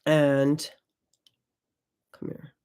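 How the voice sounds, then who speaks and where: A woman's voice: deep voice, completely flat delivery, extremely slow, dark tone, clean tone. A woman in her forties hosting a casual makeup livestream, talking loosely and swearing a lot while she chats with viewers. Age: 40s. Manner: loose and profane, chatty with viewers. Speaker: beauty channel host.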